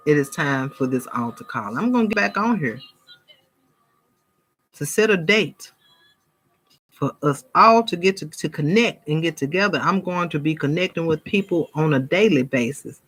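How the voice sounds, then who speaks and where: A woman's voice: sits low, animated, normal speed, a bit bright, breathy edge. A woman, talking straight to her viewers in a fervent casual sermon, calling them y'all and now and then mimicking gossiping people. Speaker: spiritual vlogger. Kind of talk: casual preaching monologue to viewers.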